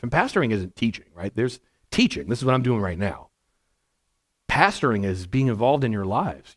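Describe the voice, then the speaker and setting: A man, a pastor, giving a conversational verse-by-verse sermon to a congregation in a church, with a naturally loud voice and frequent "right?" asides. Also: mid-range voice. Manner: naturally loud, chatty, asks the room "right?". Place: church sanctuary before a congregation.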